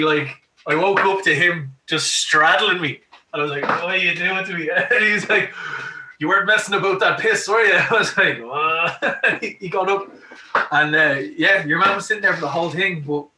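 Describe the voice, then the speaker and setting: A man's voice: fairly high pitch, sharp tone. An Irish man hosting a podcast, telling stories in a chatty way and laughing often as he acts out quotes. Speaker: podcast host. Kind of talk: casual chat, telling stories. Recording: echoey room, mic at a distance.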